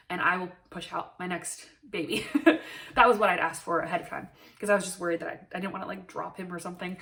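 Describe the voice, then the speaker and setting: A woman's voice: mid-range voice, a bit bright, far from the mic. A young woman telling a personal story to camera, earnest and emotional, with many "like" fillers. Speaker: new mother telling her birth story.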